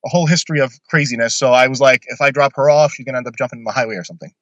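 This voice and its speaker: A man's voice: mid-range voice, rapid-fire, no room sound. A man casually telling a long personal story on a podcast, blunt and swearing freely.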